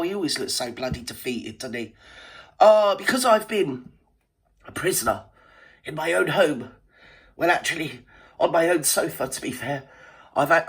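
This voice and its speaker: Chatty woman with a cold. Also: low-pitched. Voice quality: stuffy, cold-affected voice. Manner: chatty, cheeky and theatrical, with lots of asides to viewers. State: has a cold. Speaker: reaction video host. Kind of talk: casual gossipy commentary to camera.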